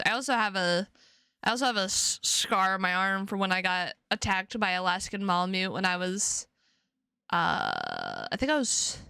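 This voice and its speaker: A woman's voice: mid-range voice, pushed and bright, clean tone, dry recording, clean studio sound. A young adult woman streamer chatting casually with her viewers, rambling and playful, often repeating her words.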